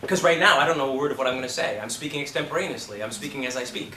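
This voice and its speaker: A man leads his acting class in casual, emphatic talk, blunt and quick to swear. His voice is bright and forceful. It is picked up from a distance in an echoing classroom. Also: medium pitch, a little hiss or hum. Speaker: acting teacher. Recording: roomy, from a distance.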